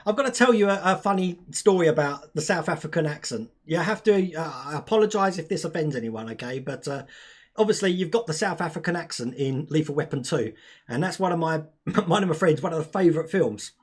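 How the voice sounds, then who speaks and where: Young guy hosting a live stream, husky voice, laughs a lot, reads out chat comments. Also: on the high side, animated, fairly quick. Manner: chatty, laughing often, reads viewer comments aloud.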